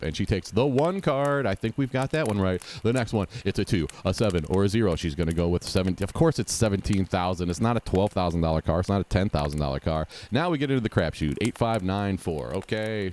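A man's voice: low-pitched, animated, brisk, hardly any pauses, darkish tone, a little hiss or hum. A man giving sarcastic, mocking play-by-play of a game show rerun, talking back at the screen. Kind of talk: casual sarcastic play-by-play commentary.

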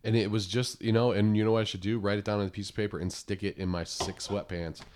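A man co-hosting a podcast in casual chat, talking in a hoarse sick voice with a laid-back, rambling manner. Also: fairly low pitch, level tone, quick pace, darkish tone, a little hiss or hum. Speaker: podcast co-host.

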